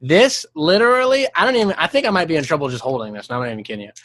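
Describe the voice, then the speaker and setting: A man's voice: on the high side, animated, racing, a bit bright. A young man, a podcast guest, telling a story in casual chat, swearing a lot and laughing mid-sentence. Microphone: studio microphone.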